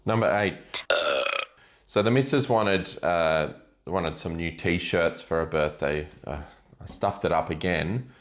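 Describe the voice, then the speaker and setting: A middle-aged dad with a lowish voice who tells his jokes at a slow, unhurried pace. He delivers them deadpan and groans at his own punchlines, self-deprecating throughout. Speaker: father telling dad jokes. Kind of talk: deadpan joke telling.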